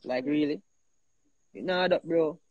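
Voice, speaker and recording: A man with a Jamaican accent, hosting a heated casual talk, animated and emphatic, often repeating himself. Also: a little high, normal speed, no echo, muffled recording. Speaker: host.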